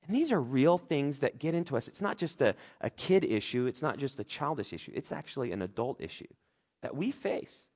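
A man preaching a sermon as a pastor, earnest and open about his feelings, his delivery swinging between loud urgency and soft reflection. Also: mid-range voice, sing-song, a little fast.

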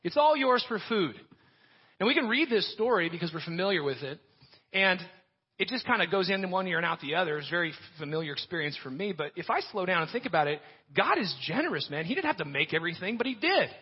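Husky, joking male pastor preaching. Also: high voice, expressive, fast talker, dull audio. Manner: conversational and joking, with playful asides. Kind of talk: sermon.

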